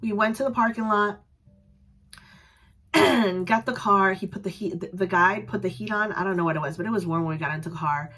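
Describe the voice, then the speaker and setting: A young woman vlogger casually telling a story to camera, animated and acting out voices, her voice a little strained. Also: brisk. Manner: animated, acts out voices with loud high yells. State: voice slightly strained.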